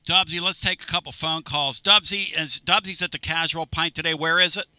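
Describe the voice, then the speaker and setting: A man's voice: fairly high pitch, steady tone, sharp tone, no echo. A man hosting a talk radio show, joking and bantering loosely with guests. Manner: loose, jokey, fast back-and-forth.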